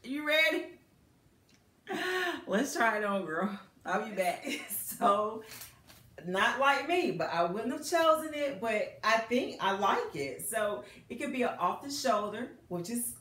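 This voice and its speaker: A woman's voice: mid-range voice, a bit bright. A middle-aged woman, chatting casually and laughing through a clothing try-on haul, calling viewers girl and y'all. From United States. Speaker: fashion vlogger. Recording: echoey room.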